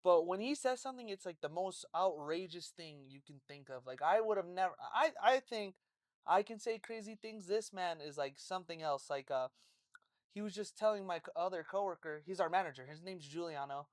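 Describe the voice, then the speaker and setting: Animated swearing woman telling a story. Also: fairly low pitch, fairly quick, no echo, clean studio sound. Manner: animated, swears often, laughs a lot. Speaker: podcast co-host. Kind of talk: casual chat, storytelling.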